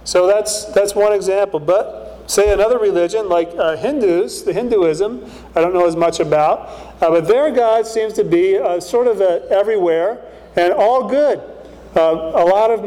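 A man's voice: high-pitched, normal speed, dark tone. A middle-aged male pastor preaching a sermon in a casual, conversational way, often checking in with the congregation. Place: church hall. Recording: long hall reverb.

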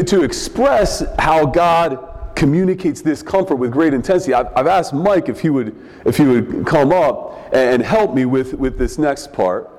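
A man preaching a sermon as pastor, teaching in a measured way and often repeating words as he goes. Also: a little high, darkish tone. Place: church sanctuary. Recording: long reverb of a large hall.

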